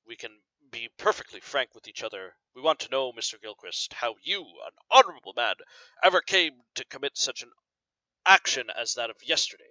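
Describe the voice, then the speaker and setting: A man reading aloud as a calm, suave detective questioning a suspect. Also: medium pitch, moderate pace, no room sound. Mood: probing. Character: calm probing male detective interrogating. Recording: slightly dull lo-fi recording.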